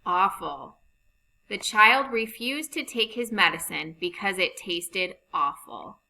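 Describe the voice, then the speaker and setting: Slow, bright-voiced woman teaching phonics. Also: medium pitch, animated, gravelly, rough recording. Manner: slow, deliberate reading of rules and example sentences. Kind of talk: slow phonics lesson over slides.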